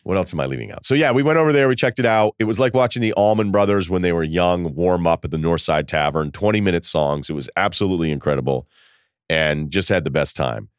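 Fast and clean-toned, a man with a low voice hosts a podcast in clean studio sound with no room sound. He tells a casual story, animated and laughing, quoting people by putting on voices.

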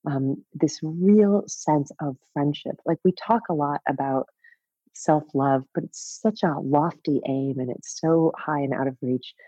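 A woman's voice: sits low, measured pace, warm tone, husky, dry recording, low-quality recording. A woman in her fifties, a guest author speaking candidly in an interview, laughing often and swearing casually. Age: 50s.

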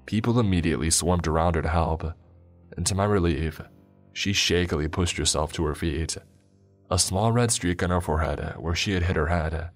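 A man narrating a first-person story in a measured storytelling delivery. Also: deep voice, soft background music.

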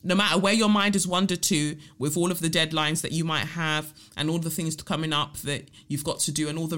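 Brief: woman, podcast host, emphatic and animated, swears freely, reads out listener letters. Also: deep voice.

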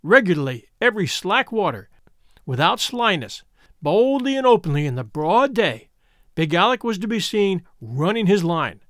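Animated male adventure story narrator. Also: sits high, normal speed, no room sound, studio quality. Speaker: audiobook narrator.

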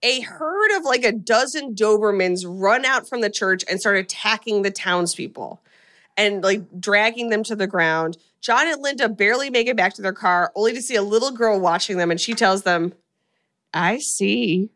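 A young woman hosting a podcast, chatting casually and telling a film's plot with lively storytelling that acts out the characters' lines. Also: mid-range voice, normal speed. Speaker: podcast host. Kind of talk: casual chat recapping a film.

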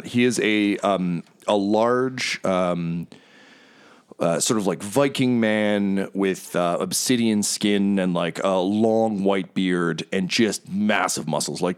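A man's voice: low-pitched, clean tone. A man narrating an improvised tabletop game as game master, hesitant and full of uhs and ums.

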